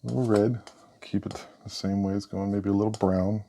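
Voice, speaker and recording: A man giving a casual painting lesson, relaxed and thinking aloud as he works. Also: fairly low pitch, fairly quick, vocal fry, a little hiss or hum. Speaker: painting instructor.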